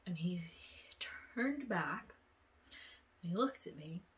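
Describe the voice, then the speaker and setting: A young woman vlogger emotionally retelling a dream in a casual, animated way. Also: fairly low pitch, takes it slowly. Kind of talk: casual storytelling.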